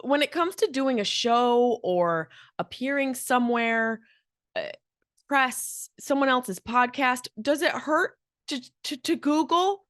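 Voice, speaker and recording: A woman's voice: on the low side, a bit bright, no room sound, clean studio sound. A woman comedian hosting her own podcast, talking in a brash, profane, fired-up comic monologue.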